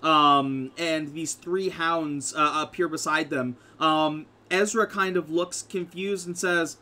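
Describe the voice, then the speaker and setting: Bright-voiced man narrating as game master. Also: on the high side, steady tone, takes it slowly, hardly any pauses. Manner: rambling, full of fillers like "like" and "um".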